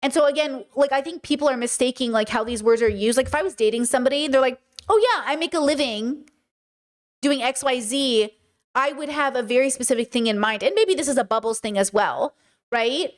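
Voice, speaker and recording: A woman hosting a stream, giving casual commentary in an emphatic, animated way and repeating her points. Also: sits high, fast. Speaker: streamer and podcast host.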